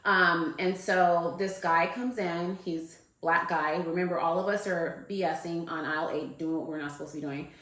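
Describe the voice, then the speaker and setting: A woman's voice: fairly low pitch, fairly even intonation, normal speed, few pauses, a bit bright. A woman telling a personal story in a loose, chatty way, full of fillers like "like" and "um". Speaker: guest. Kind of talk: casual storytelling. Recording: echoey room.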